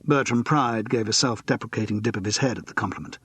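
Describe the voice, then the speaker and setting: A man narrating an audiobook in a measured, even manner. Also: fairly low pitch, slightly rough. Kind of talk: scripted narration.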